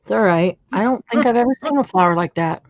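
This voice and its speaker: A woman's voice: medium pitch, lively intonation, quick pace, dry recording, dull audio. A woman hosting a craft livestream from a home craft room, chatting casually and admiring her materials as she works. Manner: chatty, admiring, thinks aloud while working.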